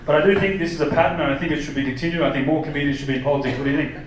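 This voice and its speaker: Brash stand-up comic, echoey theater. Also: male voice, fairly high pitch, steady tone, very fast, recorded from a distance, heavy background noise. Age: 40s. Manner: brash, swearing, talks to the crowd. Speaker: stand-up comedian. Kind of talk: stand-up comedy with crowd work. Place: large theater stage. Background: audience laughter.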